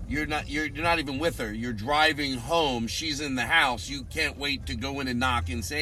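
A man's voice: medium pitch, normal speed, few pauses, sharp tone. A man hosting his own show, rambling through a profane, self-mocking comedic monologue full of asides. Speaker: comedian podcast host.

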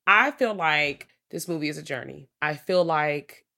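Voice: mid-range voice, a little slow, gravelly, sharp tone. Thoughtful, rambling podcast voice. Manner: thoughtful, rambling with sighs and fillers. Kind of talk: casual chat.

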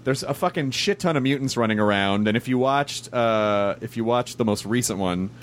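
Guy interviewer, excitable, swears casually, keeps restarting lines, faint hum behind. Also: mid-range voice, normal speed.

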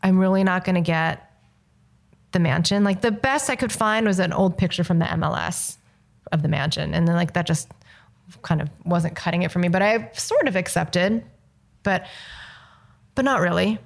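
Speaking as an interview guest, a filmmaker from Los Angeles, United States, recounts a story and performs the lines of dialogue herself. Her gravelly voice is fairly low in pitch, her pace is moderate, and she leaves long pauses.

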